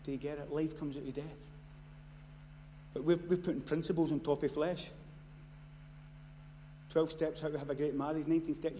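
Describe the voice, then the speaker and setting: A man preaching a sermon. His voice sits fairly high, and he swings from hushed, close storytelling to loud, impassioned cries. The sound rings with a long hall reverb over a faint background noise. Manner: builds from quiet storytelling to loud impassioned shouting.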